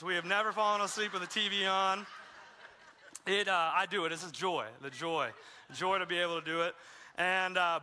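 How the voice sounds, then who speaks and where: Man, pastor, casual storytelling sermon, self-mocking humor, high voice. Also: sharp tone. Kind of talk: conversational sermon. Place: church sanctuary.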